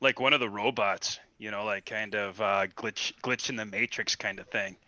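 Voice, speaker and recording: A man playing a tabletop game, excitable and laughing often in casual banter. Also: on the low side, normal speed, muffled recording. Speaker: player.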